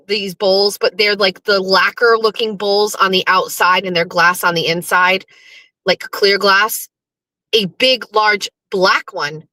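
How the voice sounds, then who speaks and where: A woman's voice: mid-range voice, bright, forceful tone, dry recording. A middle-aged woman hosting a live show, chatting casually to her viewers, swearing and talking back to the chat. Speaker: livestream show host.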